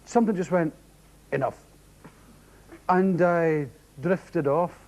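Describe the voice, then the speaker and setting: A Scottish man doing a stand-up storytelling set, lively and animated, often mimicking others in sharp high voices. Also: moderate pace, husky, lo-fi sound. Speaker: comedian. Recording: 1980s TV audience show, loud crowd and noise. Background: loud audience laughter.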